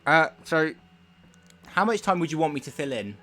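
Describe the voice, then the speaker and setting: Relaxed, chatty young man. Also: on the high side, moderate pace, soft background music. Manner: relaxed, chatty, rambling with fillers. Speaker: speedrunner. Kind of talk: casual live-stream commentary.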